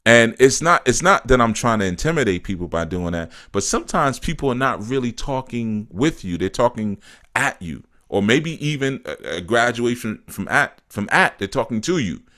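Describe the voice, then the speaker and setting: A man giving a casual spiritual talk as a teacher, animated and repetitive, often acting out what people say. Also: medium pitch, moderate pace.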